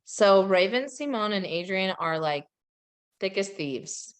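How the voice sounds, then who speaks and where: A woman's voice: mid-range voice, animated, a little slow, smooth. A woman hosting a podcast, chatting casually and animatedly about pop culture, with plenty of gossip and giggles. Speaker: podcast host.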